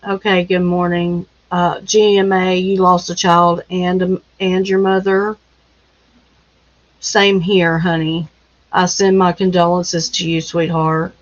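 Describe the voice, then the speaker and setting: Slow, gentle woman minister hosting a chat. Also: lowish voice, little pitch movement. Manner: gentle, consoling, with many pauses and fillers. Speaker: minister and live-stream host. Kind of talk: casual live chat answering viewer comments. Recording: dull lo-fi sound.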